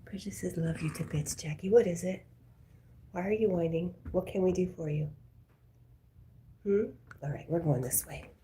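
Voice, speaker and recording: A woman hosting a night livestream, reading chat aloud and talking softly to her dog, sometimes in a whisper, a little wheezy. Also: on the low side, normal speed, pauses often, a little hiss or hum. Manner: soft, often whispering, talks to her dog.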